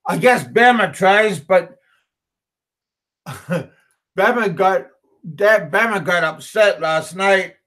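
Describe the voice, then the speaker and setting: A man hosts a relaxed livestream, reading out comments from his chat and answering them as he goes. His voice sits a touch high for a man. He talks slowly and haltingly, repeating words and starting sentences over, with a chuckle now and then. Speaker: livestream host.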